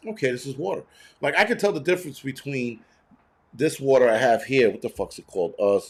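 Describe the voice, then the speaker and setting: A man in his fifties hosting a casual livestream, rambling and sarcastic with constant swearing. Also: mid-range voice. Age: 50s. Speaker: livestream host.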